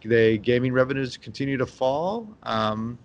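A man's voice: medium pitch, moderate pace. A man hosting a casual radio-style talk show. He speaks bluntly and gives strong opinions, restarting his sentences as he goes. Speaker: host.

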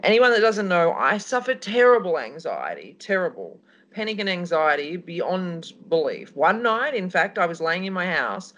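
A woman's voice: fairly low pitch, big pitch swings, normal speed, few pauses, fairly bright tone. A woman co-hosts a casual radio-style talk show. She rambles through a story, and her voice rises and falls a lot. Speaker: co-host.

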